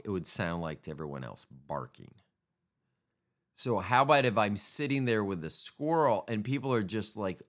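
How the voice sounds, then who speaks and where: A podcast host rambles casually on his own, joking around and swearing as he goes. His man's voice sits on the low side and has a slightly bright quality.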